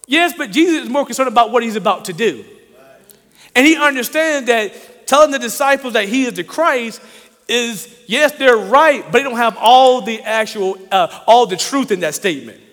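A man's voice: very high voice, expressive, moderate pace, a bit bright. A man preaching a sermon in a conversational, folksy, playful storytelling way. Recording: long hall reverb.

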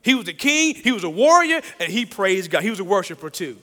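A man preaching with a high, bright voice, full of energy as he tells a story. He repeats phrases and chuckles as he speaks. The sound carries a long echo, as in a big church hall. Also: sing-song, fairly quick. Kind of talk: sermon with personal story.

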